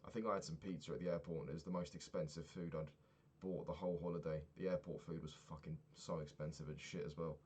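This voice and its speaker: A man's voice: very deep voice, fairly even intonation, fast, few pauses, a little mellow, slightly rough. A man in his twenties recapping a trip in a rambling, sweary, casual monologue, often laughing at his own stories. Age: 20s. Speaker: vlogger.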